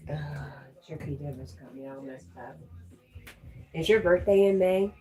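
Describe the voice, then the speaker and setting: Woman, low voice, unhurried, stuffy-nosed, livestream host reading chat. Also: music in the background. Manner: reads viewer comments aloud, chatty and friendly. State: stuffy, congested.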